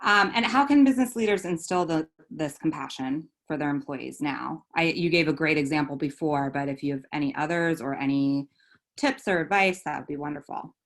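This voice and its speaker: A woman hosting a video interview and asking measured questions. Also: low-pitched. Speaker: host.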